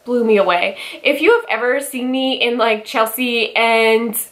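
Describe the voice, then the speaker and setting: Slow-talking tearful young woman vlogger. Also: fairly high pitch, animated, a bit bright. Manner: gushing, emotional, many fillers. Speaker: book vlogger. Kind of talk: casual book review vlog.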